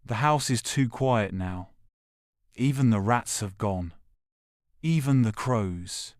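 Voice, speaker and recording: A man narrating a second-person audio drama in a grave, measured way, with short, clipped phrases. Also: medium pitch, expressive, no room sound, clean studio sound.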